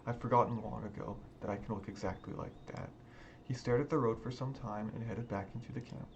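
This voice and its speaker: A man's voice: lowish voice, steady tone, brisk, gravelly, highs cut off, a little hiss or hum. A man reading a visual novel aloud in a subdued, brooding first-person voice. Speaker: game let's-player. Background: game music.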